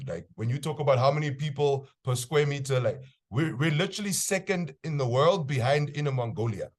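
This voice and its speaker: A man from Namibia, an easygoing podcast guest talking casually. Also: mid-range voice. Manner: easygoing, with frequent restarts. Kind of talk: casual interview.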